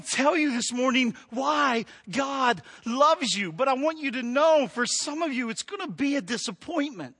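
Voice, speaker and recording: A middle-aged man preaching a sermon, animated, building to emphatic peaks and dropping soft. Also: extremely high pitch, normal speed, few pauses, slightly rough. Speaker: pastor.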